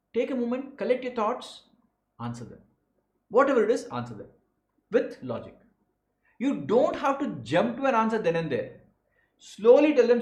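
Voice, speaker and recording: A man's voice: sits high, a little slow, long pauses, reverberant, low-quality recording. A young man with an Indian English accent coaching students for interviews, stressing his words with a voice that rises and falls. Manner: animated, stresses words, voice rising and falling. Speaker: exam coach. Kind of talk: instructional talk to students.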